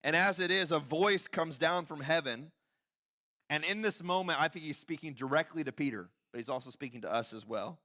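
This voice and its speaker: A man delivers a sermon in a church with a bright, forceful voice pitched slightly above most men. He preaches conversationally, acting out quoted voices and sinking to quiet, intense emphasis at key points. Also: brisk. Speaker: pastor. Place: church sanctuary.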